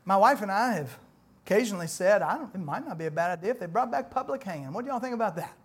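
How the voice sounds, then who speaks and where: Preacher swinging from hush to shout. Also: male voice, high-pitched, animated, fast talker, husky. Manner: dramatic swings from soft to loud, rhetorical questions. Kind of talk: sermon.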